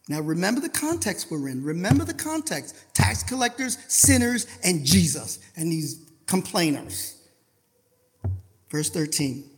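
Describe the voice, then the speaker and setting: A male preacher delivering an impassioned sermon. He fires rhetorical questions at the congregation and swings between hushed asides and loud outbursts. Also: high-pitched, sing-song, measured pace, long reverb tail.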